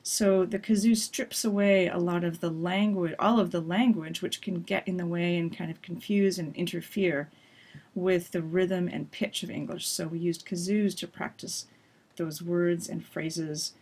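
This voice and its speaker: A woman teacher walking a class through a pronunciation lesson, explaining and clearly modeling vowel sounds. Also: lowish voice, steady tone, unhurried, a little mellow. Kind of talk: recorded course review lesson.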